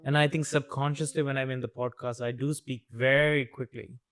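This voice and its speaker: A man co-hosting a casual podcast chat, playful and quick to slip into mock accents. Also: medium pitch, fairly even intonation, fairly bright tone. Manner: playful, slips into put-on accents. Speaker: podcast co-host.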